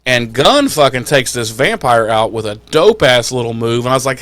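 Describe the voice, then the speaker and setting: A man's voice: mid-range voice, expressive, moderate pace, fairly bright tone. A man co-hosting a podcast, recapping an episode in casual, profane, joking chat and acting out lines in silly voices. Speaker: podcast co-host.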